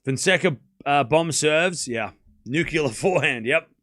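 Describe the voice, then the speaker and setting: Hosting a tennis watchalong live, this man talks in a slightly high, a bit bright voice that's animated yet a touch slow. His casual commentary calls each shot in short bursts, with loose chatter to his audience between points and the odd offhand swear.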